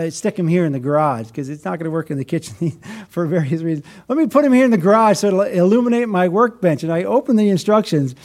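A man with a high voice preaches a sermon. He is middle-aged and explains scripture with folksy, self-deprecating stories, and he leans hard on key words. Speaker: pastor.

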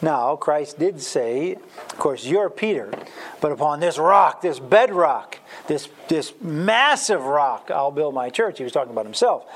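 A man's voice: a little high, very animated, a little slow, slight background noise. A man from Wisconsin teaching a Bible lesson in a sermon style, emphatic and full of fillers and restarts.

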